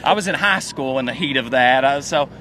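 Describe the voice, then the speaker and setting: A young man in his twenties, a fan, telling an excited story outdoors with lots of "like.". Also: medium pitch, a little fast, low-quality recording. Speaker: fan guest. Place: outdoors outside an arena. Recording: loud crowd outdoors.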